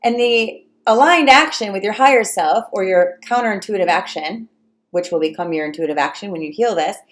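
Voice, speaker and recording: A woman coaching viewers on relationships in a casual talk, animated and acting out the voices of clients and fears. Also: mid-range voice, brisk. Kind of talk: casual direct-to-camera advice talk.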